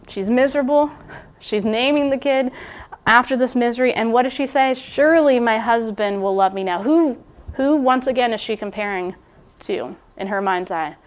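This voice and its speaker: A woman's voice: on the high side, moderate pace, pauses often. A woman preaching a sermon in an informal, musing way, with restarts and asides, sometimes speaking a biblical character's thoughts aloud. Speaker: guest preacher. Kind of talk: conversational sermon.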